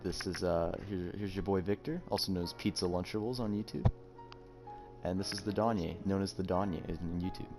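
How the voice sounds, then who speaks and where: A teenage boy hosting a casual podcast, telling stories in a rambling, halting way with lots of fillers. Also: low-pitched, fairly even intonation, music in the background. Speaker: podcast host. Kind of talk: casual chat.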